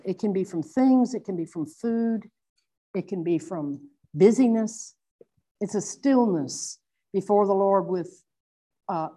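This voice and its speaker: Earnest woman teaching scripture, mellow voice. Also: on the low side. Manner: earnest, reflective, slows to stress points. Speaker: Bible teacher. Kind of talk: sermon.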